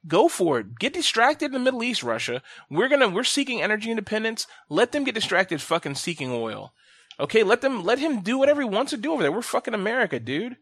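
Profane ranting man, dry close sound. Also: no room sound. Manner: animated, with quick swings in pitch and loudness. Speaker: podcast host. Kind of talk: casual podcast chat.

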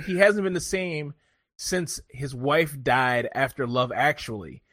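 Male co-host, jokey rambling storyteller, bright tone, dry close sound. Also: on the high side, slow, dry recording. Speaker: podcast co-host. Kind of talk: casual chat.

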